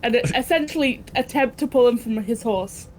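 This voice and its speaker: A woman's voice: on the high side, normal speed, darkish tone, slight background noise, rough recording. A British woman playing a tabletop game, bold and playful. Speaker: player. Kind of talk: tabletop role-play.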